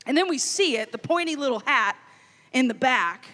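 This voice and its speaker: A woman in her thirties from Louisiana, telling a funny story as a youth conference speaker, animated and playful. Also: high-pitched, moderate pace. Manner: animated, comic storytelling with quoted inner voices. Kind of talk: storytelling keynote talk. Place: large hall. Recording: long hall reverb.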